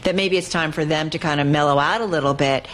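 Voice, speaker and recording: A woman anchoring a broadcast news interview, brisk and quick with affirmations. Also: sits low.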